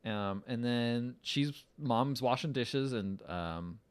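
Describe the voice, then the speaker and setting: A man co-hosting a podcast casually recaps a film's plot, acting out the characters' lines. His medium-pitched voice is expressive, slow, clear and resonant.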